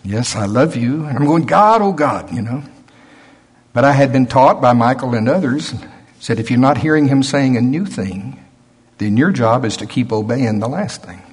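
Husky-voiced older male preacher. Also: mid-range voice, normal speed, darkish tone. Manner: folksy storytelling, acting out voices. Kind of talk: sermon.

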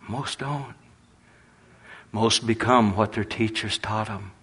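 A man preaching a sermon in a folksy, storytelling way with a husky voice. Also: lowish voice, slow, long pauses, a bit bright.

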